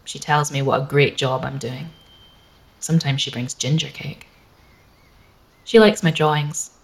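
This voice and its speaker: Woman, very low voice, matter-of-fact storybook narration. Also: fairly even intonation, measured pace, creaky. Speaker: audiobook reader. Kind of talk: first-person storybook narration.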